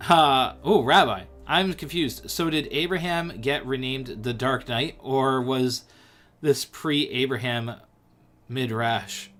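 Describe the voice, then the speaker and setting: A man's voice: medium pitch, fairly bright tone. A man hosting a casual livestream, chatting animatedly about comics and scripture and talking straight to his viewers. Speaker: host.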